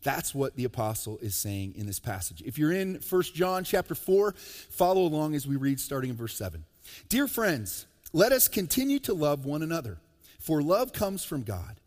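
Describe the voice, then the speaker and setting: A slightly high-voiced man preaches a sermon in a church sanctuary, animated and quick to joke. He swings between loud, emphatic lines and soft, low asides. His voice trails off into the long reverb of a large hall. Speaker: pastor.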